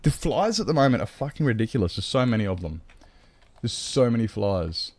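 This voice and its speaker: A man's voice: mid-range voice, big pitch swings, fairly quick, darkish tone. An Australian man streaming a game, chatting casually and answering his chat in a rambling way.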